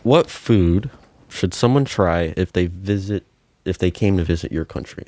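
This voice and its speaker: Low-voiced man co-host, dry sound. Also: measured pace, darkish tone, no echo. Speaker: podcast co-host. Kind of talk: casual chat.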